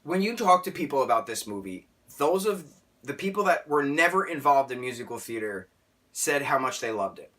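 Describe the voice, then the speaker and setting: A man ranting through a film review in an animated, exasperated and theatrical way, with sarcastic outbursts. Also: mid-range voice, moderate pace.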